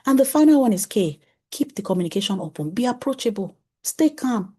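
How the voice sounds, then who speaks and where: A woman gives a conference talk to parents as a parenting coach. She speaks in an animated way, chuckles often, and acts out exchanges with her family. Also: on the high side, fairly quick, breathy edge.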